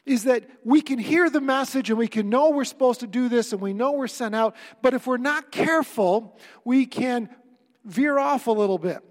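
High-voiced male pastor in reverberant hall. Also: moderate pace. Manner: earnest, emphatic preaching with wry asides. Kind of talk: sermon. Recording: long reverb of a church hall.

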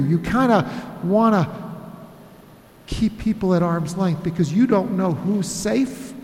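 A high-pitched male pastor delivers an emphatic sermon, leaning on repeated phrases and slow, weighty pauses. His voice rings through a large church hall with a long, echoing reverb. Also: darkish tone.

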